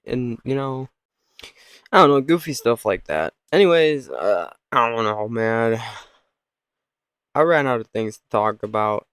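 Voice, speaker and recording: A man's voice: medium pitch, animated, measured pace, long pauses, fairly bright tone, smooth, dry recording. Man, podcast host, goofy, rambling, laughing, dry sound. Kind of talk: casual rambling comedy monologue.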